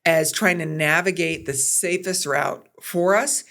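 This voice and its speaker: A middle-aged woman, a sports broadcaster and producer, guests on a podcast in an unhurried, lowish voice. She tells stories conversationally and with animation, acting out the quotes.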